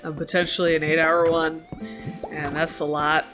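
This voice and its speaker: A woman's voice: sits low, little pitch movement, normal speed, over music. A woman streamer chatting live with her viewers, playful and mock-dramatic, laughing often.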